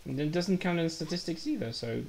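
Streaming a game live, this man keeps up casual, joking commentary and pokes fun at his own mistakes. He speaks fairly quickly with a fairly high, gravelly, slightly mellow voice and lively intonation. Some light background noise is audible.

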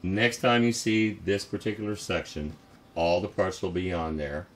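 Deep-voiced man explaining a model build. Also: fairly even intonation. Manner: thinks aloud, measured.

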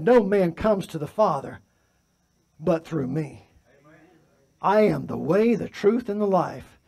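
Male pastor, fairly high voice, preaching in church, moves between forceful emphasis and hushed delivery. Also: animated, slow, gravelly, pauses often. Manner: preaching with swings from loud emphatic to soft and quiet. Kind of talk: sermon. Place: church sanctuary.

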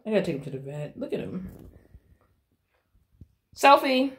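A woman's voice: low voice, lively intonation, racing, warm tone. A young adult woman chatting casually to her phone camera, swearing freely as she talks. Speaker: vlogger. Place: bathroom. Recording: echoey bathroom.

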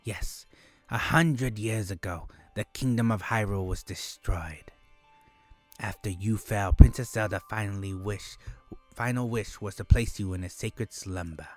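Casting: man doing a formal old woman elder, slow and stilted, higher than his own voice. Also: a little mellow, faint music behind. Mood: solemn.

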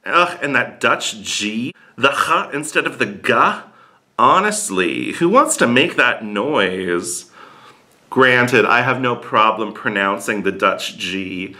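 Young man, comedian, sarcastic monologue, very bright voice, lively pitch. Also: takes it slowly. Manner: sarcastic, mocking. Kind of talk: comic monologue.

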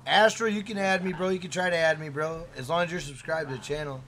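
A man's voice: a little high, fairly even intonation, quick pace, fairly bright tone, slight background noise. A man live-streaming a game, chatting casually, swearing and joking as he reads out viewer messages.

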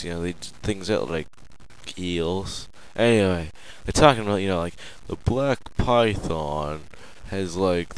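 A young man doing a rambling sit-down comedy monologue, meandering with lots of fillers and sudden loud outbursts. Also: sits low, a little hiss or hum, poor audio. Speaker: amateur comedian.

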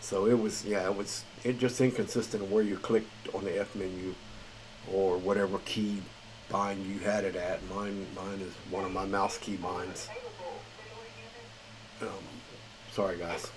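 A man's voice: low voice, little pitch movement, measured pace, slight background noise, low-quality recording. A man hosting a gaming channel, reading patch notes in a tired, rambling, casual way. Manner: rambling, filler-heavy, chuckles at himself. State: tired late at night.

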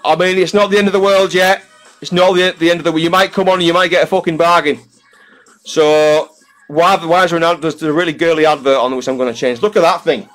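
A man's voice: a little high, fairly bright tone. A man hosting a live-stream card draw in casual chat, calling everyone mate and swearing freely. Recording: faint music in the background.

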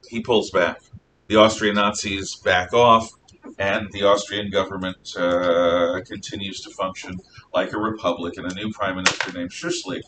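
A man teaching a history class, lecturing in a lively way and acting out quotes, recorded from far off in a classroom with some hiss. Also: on the low side. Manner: animated, acts out quotes.

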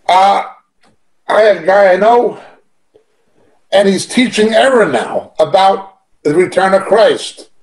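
With a high-pitched voice and lively intonation, a man slowly teaches through a Bible passage, leaving long pauses. He reads each verse aloud and emphatically repeats key phrases, though the audio quality is poor.

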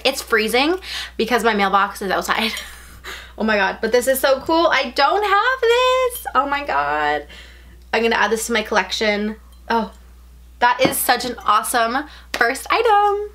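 A young adult woman chatting at home as she unboxes a package, gushing and gasping with excitement as she rambles on. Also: on the high side. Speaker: unboxing vlogger.

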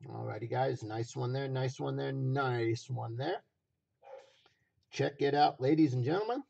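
A hoarse man running a live stream auction, repeating phrases as he hypes each item from a basement room. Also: medium pitch, unhurried, warm tone, highs cut off.

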